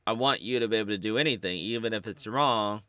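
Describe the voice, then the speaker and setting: A man talking to camera in a casual, rambling monologue, halting and full of playful wordplay. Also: fairly low pitch, fairly bright tone, smooth, dry recording. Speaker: vlogger.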